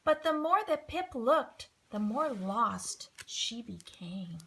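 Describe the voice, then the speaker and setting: A woman reading a children's picture book aloud, expressive and acting out sound effects. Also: on the high side, slow, creaky. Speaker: storybook reader. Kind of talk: children's storybook read-aloud.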